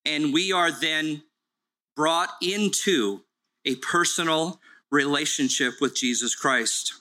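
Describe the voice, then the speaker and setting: A man preaching a sermon at a slow, unhurried pace. His voice sits a little high and rings bright and clear. He tells his points in an earnest storytelling manner. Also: poor audio. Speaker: pastor.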